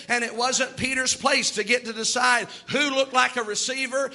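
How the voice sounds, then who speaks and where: A man's voice: extremely high pitch, steady tone, moderate pace, vocal fry, few pauses, pushed and bright. A man preaching a sermon, emphatic and repetitive, acting out the doubts of his listeners. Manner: emphatic, repeats words, acts out quoted doubters.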